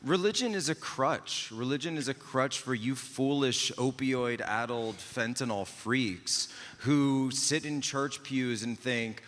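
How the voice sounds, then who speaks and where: A man voicing a boastful, contemptuous male Chinese Communist official in a put-on Chinese accent, haranguing with slow emphatic insults. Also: mid-range voice, a bit bright, long reverb tail. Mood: scornful. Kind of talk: improvised comic impression on a panel.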